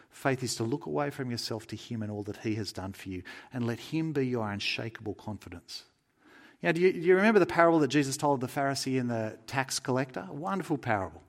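Earnest male preacher, mid-pitched, conversational sermon delivery that softens in prayer. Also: animated, a little fast. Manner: earnest, conversational, drops soft for pleading and prayer.

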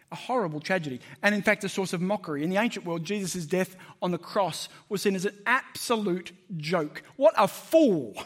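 A man preaches a sermon to his congregation in a conversational but emphatic way. He puts questions to the listeners and leans into his points. His voice sits a little higher than most men's.

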